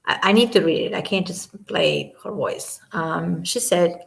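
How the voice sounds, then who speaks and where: A woman's voice: lowish voice, lively intonation, unhurried, creaky, few pauses. A woman giving casual, indignant commentary, talking emphatically and often repeating herself. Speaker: commentary vlogger.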